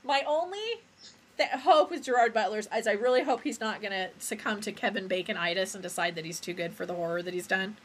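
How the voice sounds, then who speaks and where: A woman's voice: mid-range voice, a little fast, fairly bright tone. A young woman co-hosting a podcast in crude, frank, giggly casual chat. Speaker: podcast co-host.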